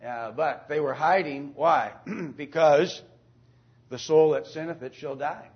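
A man teaching an informal Bible lesson to a class, speaking haltingly with many fillers, restarts and throat-clearing, and often asking the class questions. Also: fairly high pitch. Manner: asks the class questions and calls on students. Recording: dull lo-fi recording.

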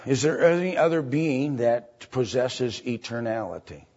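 A man teaching a Bible study lecture, halting with fillers and often checking in with "right?" and "okay?". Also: medium pitch, lively intonation, a little mellow, husky. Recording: dull lo-fi recording.

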